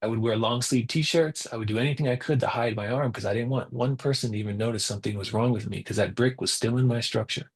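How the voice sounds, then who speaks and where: A man's voice: mid-range voice, fast, hardly any pauses, husky. A young man presenting a webinar, telling a personal story earnestly and acting out the quotes. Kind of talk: personal story in a spiritual talk. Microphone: webinar mic.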